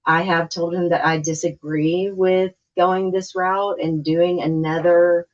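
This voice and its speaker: A woman with a lowish voice, recorded with dull audio, speaks during a housing board meeting on a video call. She talks frankly but hesitantly, using many fillers.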